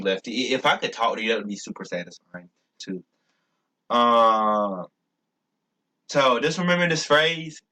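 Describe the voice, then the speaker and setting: Rambling young man with a bright voice. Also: medium pitch. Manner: rambling and stumbling, with fillers and restarts. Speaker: YouTuber. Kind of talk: casual rambling vlog.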